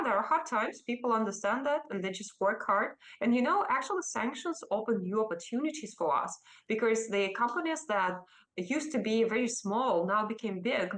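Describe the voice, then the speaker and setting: A woman's voice: mid-range voice, fairly bright tone, poor audio. Defiant Russian-accented woman. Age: 30s. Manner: emphatic, defiant, with halting restarts. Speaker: interviewee, politician. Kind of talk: remote news interview.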